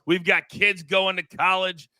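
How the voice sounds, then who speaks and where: A middle-aged man hosting a live sports betting show, energetic and joking with his co-hosts. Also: high-pitched, unhurried, dry recording. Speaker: host.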